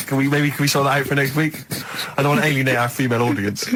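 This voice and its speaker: A man's voice: mid-range voice, fairly even intonation, fast talker, noisy background. A radio co-host in a studio who scolds his colleagues in a dry, mock-stern way during casual banter.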